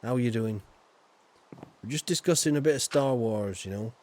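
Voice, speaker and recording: A man's voice: medium pitch, normal speed, a little mellow. A man with a Yorkshire accent streaming a building game, chatting casually with viewers in a rambling way, full of little asides. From Yorkshire, England. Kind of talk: casual gaming chat.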